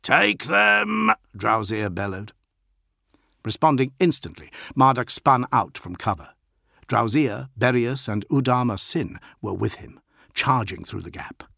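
A man narrating an audiobook in a steady, dramatic reading. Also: lowish voice, measured pace, vocal fry, no echo, clean studio sound.

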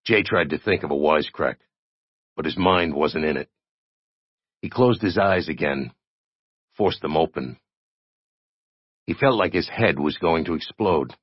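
A man reading a story aloud in a steady, expressive narration. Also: very deep voice, unhurried, long pauses, breathy edge, dry recording, dull audio. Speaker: audiobook narrator. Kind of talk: scripted narration.

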